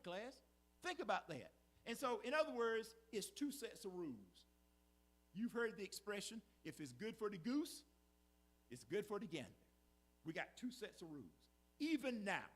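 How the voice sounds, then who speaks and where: Animated preacher, high voice. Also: male voice. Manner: preaching with call-and-response asides, repetitive emphasis. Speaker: pastor. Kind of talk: sermon. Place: church sanctuary.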